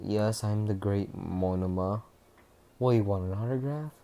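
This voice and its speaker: A man voicing an arrogant teenage boy rival from a cartoon, smug and boastful, breaking into shrill panic. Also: measured pace, creaky, warm tone.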